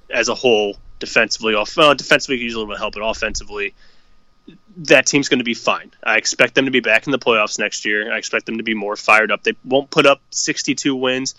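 Man, casual hockey chat, profane, fired up, bright tone, dry close sound. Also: fairly low pitch, dry recording, poor audio. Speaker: podcast co-host.

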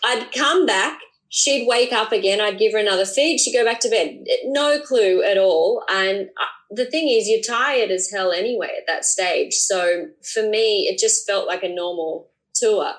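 A woman with a mid-pitched voice tells candid stories about her work in a relaxed, easygoing way. She speaks as a guest in a casual chat. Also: a little slow, poor audio.

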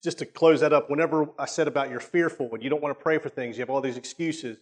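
A man preaching a sermon in a conversational way, often checking in with his listeners and repeating words, slowing down to stress points. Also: on the high side, steady tone.

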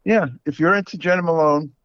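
A man's voice: fairly high pitch, brisk, fairly bright tone, clean tone, no room sound, muffled recording. A man with a New York accent, co-hosting a podcast in a frank, casual chat full of fillers. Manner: chatty, frank, with many fillers. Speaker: podcast co-host.

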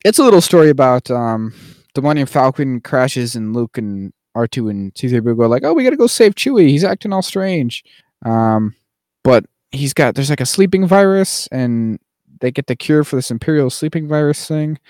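A man's voice: mid-range voice, normal speed, darkish tone. A man co-hosting a podcast in loose, casual chat, wandering through his points with plenty of fillers. He drops into silly mock voices along the way. The sound is dry and close, with no room echo. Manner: rambling, with many fillers and playful mock voices. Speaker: podcast co-host.

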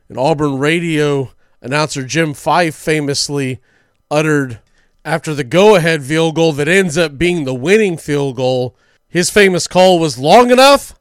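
Chatty sports radio host. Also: male voice, fairly high pitch, clear, resonant tone, dry recording, studio quality. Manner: storytelling, chatty with small slips.

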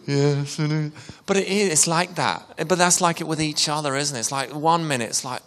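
A man gives a church sermon in an easy, chatty manner, often breaking off with fillers and animated asides. His voice is bright and forceful. It rings with the long reverb of a church hall. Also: fairly high pitch, normal speed. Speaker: preacher.

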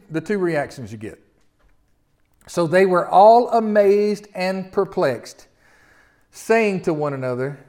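Southern guy preaching, reads the verses slow then riffs on them, keeps asking the crowd questions. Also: on the high side. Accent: Southern American. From Southern United States. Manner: folksy, asks the listeners rhetorical questions; reads scripture slowly, then talks through it. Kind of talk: sermon with Bible reading.

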